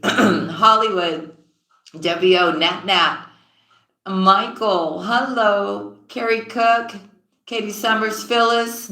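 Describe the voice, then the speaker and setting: Woman, tarot reader, live-stream chat, affectionate, bright voice, echoey room. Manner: affectionate, calls viewers sweetheart and sis; often drops low and quiet mid-sentence. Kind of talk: casual live-stream chat greeting viewers.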